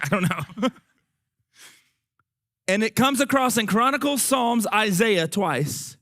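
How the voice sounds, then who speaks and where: High, forceful preacher. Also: male voice, slow pace, long pauses. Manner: animated, folksy, talks straight to the congregation. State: voice going hoarse, short of breath. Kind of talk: sermon.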